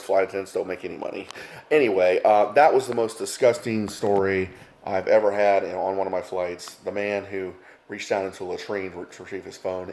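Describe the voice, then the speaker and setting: A man's voice: lowish voice, darkish tone. A middle-aged man, a former flight attendant, telling stories casually with lots of fillers and calling viewers folks. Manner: rambling, many fillers, addresses viewers as folks. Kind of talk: casual storytelling to camera.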